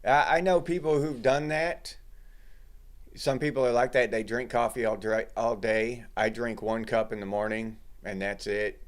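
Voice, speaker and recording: A middle-aged man hosts a casual livestream, chatting loosely and greeting people in the chat. His mid-range voice holds a steady tone at a moderate pace.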